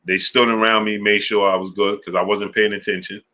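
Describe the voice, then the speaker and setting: A man hosting a sports live stream, chatting casually in slang and shouting out viewers by name. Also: on the low side, level tone, fairly quick. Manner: laid-back, slang-heavy, shouting out viewers. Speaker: sports channel host. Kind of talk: casual live-stream chat reading super chats.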